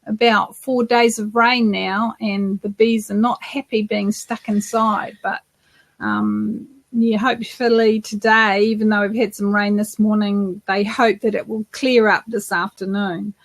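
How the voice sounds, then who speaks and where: A woman's voice: mid-range voice, flat delivery, measured pace, dry recording. A woman from New Zealand co-hosting a beekeeping podcast, chatting casually with lots of fillers and restarts. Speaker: podcast co-host. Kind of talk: casual live Q&A chat.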